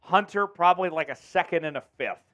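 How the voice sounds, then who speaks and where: A man hosting a casual sports talk stream, his voice high and smooth. He keeps things upbeat and chatty as he reads out viewer messages. Soft music sits faintly behind him. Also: fairly quick. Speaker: show host.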